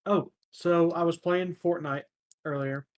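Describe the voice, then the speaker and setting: Man telling a gaming story, slightly high voice. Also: unhurried. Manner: relaxed storyteller, many ums and uhs. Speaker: podcast host. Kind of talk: casual chat, storytelling.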